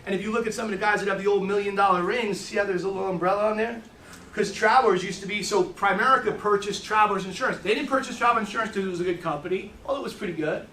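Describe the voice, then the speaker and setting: A middle-aged man addressing a group for sales training speaks in a high voice with a bright, forceful tone. His storytelling is hurried and full of restarts. He's recorded from a distance in an echoey room, with a bit of background noise.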